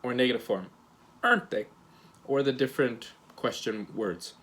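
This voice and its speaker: Male teacher, mid-pitched voice, casual recorded grammar lesson, lots of ums and restarts, demonstrates intonation on examples. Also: moderate pace. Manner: relaxed, hesitant, many fillers and restarts; acts out example questions with rising and falling intonation. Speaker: English teacher.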